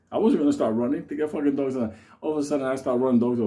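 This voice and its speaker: Animated, laughing man telling a story. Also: mid-range voice, fast talker. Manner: animated, profane, laughing often. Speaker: host. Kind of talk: casual storytelling.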